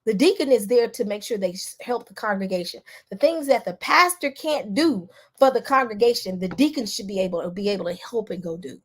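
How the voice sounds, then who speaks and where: A woman's voice: mid-range voice, expressive, brisk, hardly any pauses, slightly rough. A woman vlogger giving casual commentary to her viewers, talking emphatically and repeating herself with many restarts. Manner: emphatic and repetitive, with frequent restarts; addresses the viewers directly.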